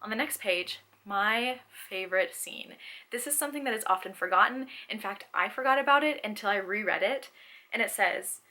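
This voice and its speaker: A woman's voice: mid-range voice, moderate pace, pushed and bright. A woman chatting casually about a novel, reading her annotations aloud in an earnest, gushing way. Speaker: book video creator.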